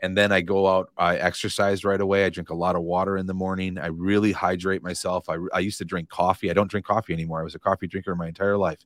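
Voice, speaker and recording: A man's voice: deep voice, level tone, fast talker, few pauses, no echo, studio quality. A man, a real estate coach, talking earnestly in a casual podcast interview, motivational and given to repeating his phrases.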